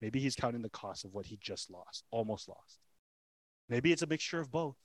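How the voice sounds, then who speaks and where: A man's voice: mid-range voice, expressive, normal speed, no room sound. A man preaching a sermon as pastor, telling the story with dramatic emphasis, rhetorical questions and repeated lines. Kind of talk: expository sermon.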